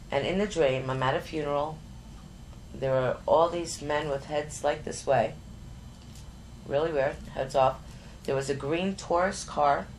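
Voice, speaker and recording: A middle-aged woman with a very low, gravelly voice tells a story as an interview guest. She is animated and often trips over and repeats her words. A faint hiss of noise sits under the recording. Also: low-quality recording. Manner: lively, stumbles and repeats words, acts out other people's voices. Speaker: psychic guest.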